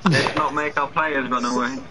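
A man playing an online football game with friends, joking and swearing while he tells others to calm down. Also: medium pitch, moderate pace, heavy background noise. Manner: lively, swearing, playful calming tone. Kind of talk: casual gaming banter.

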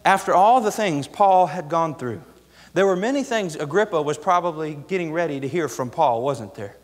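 High-voiced fervent young preacher, echoey church. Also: male voice, expressive, moderate pace. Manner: fervent, repetitive preaching cadence. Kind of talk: sermon. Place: church sanctuary. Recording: echoey church hall reverb.

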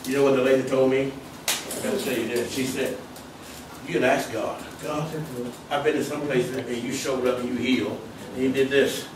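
A man preaching a fiery sermon, driving his points home with shouts and repeated phrases. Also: mid-range voice, steady tone, moderate pace, background noise. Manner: preaches with rising shouts and emphatic repetition. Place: church hall. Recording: echoey hall, mic from far off.

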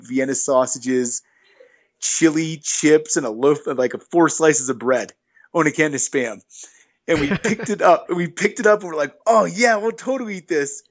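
A middle-aged man, a long-distance hiker, telling stories in an easygoing, rambling way as a podcast guest. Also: medium pitch. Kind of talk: casual storytelling interview.

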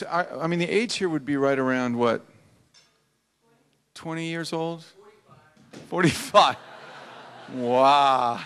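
Middle-aged male worship pastor, playful and folksy with the crowd, voice sits a bit high. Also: a bit bright. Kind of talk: casual stage talk to a congregation. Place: church service in a hall.

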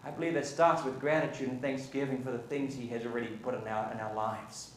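A man's voice: mid-range voice, fairly even intonation, brisk, hardly any pauses. A man preaching a sermon as pastor, building to emphatic peaks and asking the congregation questions. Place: church sanctuary. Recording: echoey church room.

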